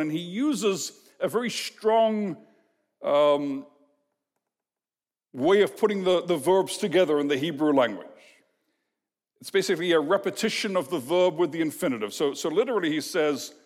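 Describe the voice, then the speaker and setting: Higher-voiced preacher in a reverberant hall. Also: male voice, animated. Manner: emphatic, measured teaching with rhetorical questions. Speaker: pastor. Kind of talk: expository sermon. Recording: long reverb of a large hall.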